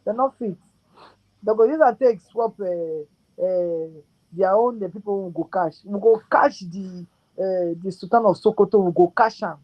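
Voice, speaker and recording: A woman with a Nigerian accent calling in to a show and talking in excited, repetitive Pidgin. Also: mid-range voice, normal speed, dry recording, muffled recording. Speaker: caller. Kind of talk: call-in chat.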